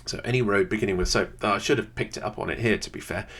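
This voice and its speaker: A man, thinking aloud in casual gameplay commentary from a quiet home room, often pausing with "um". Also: on the low side, husky. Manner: thinks aloud, chatty, many "um"s. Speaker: video creator playing a geography game. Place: quiet home room with a computer under the desk.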